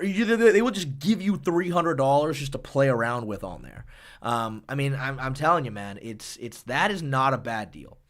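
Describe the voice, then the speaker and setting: A man streaming live and chatting loosely with viewers. His voice sits a bit high for a man, and he talks in an animated, rambling way, thanking donors and swearing freely between thoughts. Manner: animated, rambling, swears often, reads chat donations aloud. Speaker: streamer and MMA analyst. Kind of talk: casual live-stream chat.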